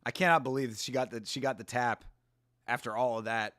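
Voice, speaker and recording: A man chatting casually as he reacts live to a grappling event, excitable and laughing often as he talks to his viewers. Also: medium pitch, fairly quick, no room sound, clean studio sound.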